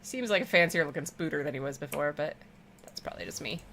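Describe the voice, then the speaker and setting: A woman streamer who rambles warmly through casual chat as she games. Her voice is bright and forward, sitting a little low for a woman. She talks to her viewers with easy affection. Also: fast talker, gravelly, slight background noise. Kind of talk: casual chat while gaming.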